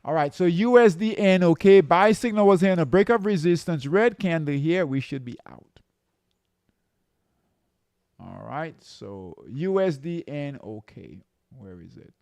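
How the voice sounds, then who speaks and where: A man coaching traders through charts, in an unhurried, gravelly voice. He keeps asking "okay?" and "right?" along the way. The sound is close and dry. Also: a little high, animated, darkish tone, dry recording. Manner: repetitive, checks in with "okay?" and "right?". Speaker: trading coach. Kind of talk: live chart walkthrough.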